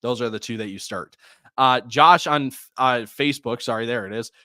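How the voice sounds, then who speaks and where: A man hosting a live fantasy football Q&A, reading viewer questions and giving quick start-or-sit answers, with frequent sighs. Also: medium pitch, bright, forceful tone, no echo, clean studio sound. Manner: rapid answers, reads viewer names and questions; distracted, sighs often. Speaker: fantasy football podcast host.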